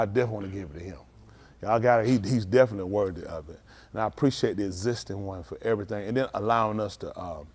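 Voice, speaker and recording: A man pastor who jokes and banters with his livestream viewers by name, then teaches in an earnest, halting way. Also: lowish voice, darkish tone. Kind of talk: livestream greeting and sermon.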